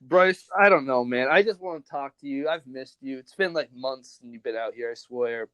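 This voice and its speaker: A man's voice: medium pitch, moderate pace, fairly bright tone, clear, resonant tone, dry recording, lo-fi sound. A young man hosting a podcast, telling stories in a rambling, profane, casual way. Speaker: podcast host. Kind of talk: casual chat.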